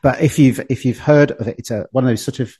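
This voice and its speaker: A man's voice: medium pitch, quick pace, dark tone, husky. A man co-hosting a podcast in casual chat, making wry, dry remarks. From Britain. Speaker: podcast co-host.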